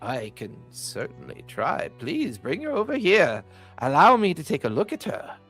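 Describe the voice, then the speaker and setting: A man voicing a kindly, gentle old male priest who speaks softly, politely and with some hesitation. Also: fairly high pitch, wildly swooping pitch, normal speed, faint music behind, voice pushed up, exaggerated voice. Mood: apologetic.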